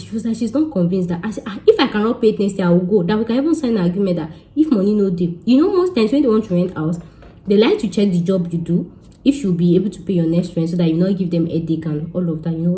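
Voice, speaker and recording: A young Nigerian woman with a Nigerian accent, telling a story to her viewers in a lively, joking way and mixing Pidgin and Yoruba into her English. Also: on the low side, fast talker. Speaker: vlogger. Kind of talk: casual storytelling.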